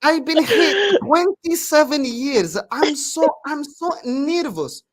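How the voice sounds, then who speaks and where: A woman's voice: sits high, lively intonation, slow, voice pushed up. A woman imitating her older immigrant mother, who speaks in broken English and complains in a flustered, aggrieved way.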